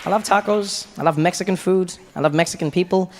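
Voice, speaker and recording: A man's voice: sits high, quick pace, background noise. A man with a South African accent musing casually in a stand-up set. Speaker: stand-up comedian. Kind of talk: stand-up chat to crowd. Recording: reverberant live venue with crowd.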